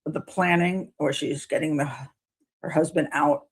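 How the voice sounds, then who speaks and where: A woman hosting a casual talk show, commenting on a trial in an animated way and acting out courtroom quotes. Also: low voice, unhurried, slightly rough. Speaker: host.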